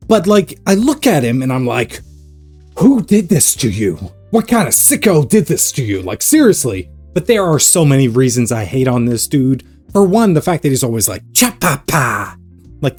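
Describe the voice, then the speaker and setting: A man giving a casual commentary vlog, ranting with sarcastic, animated energy. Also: on the high side. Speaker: anime reaction youtuber.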